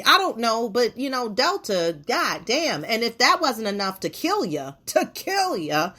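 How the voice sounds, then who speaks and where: A woman's voice: on the high side, big pitch swings, a little slow, hardly any pauses, bright, forceful tone, husky. A woman hosting a podcast in a casual monologue, ranting bluntly and swearing freely. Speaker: podcast host.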